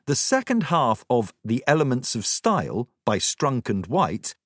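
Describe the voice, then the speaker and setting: Lively, instructive male narrator. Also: medium pitch, unhurried, no echo, studio quality. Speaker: writing instructor. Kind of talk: scripted narration.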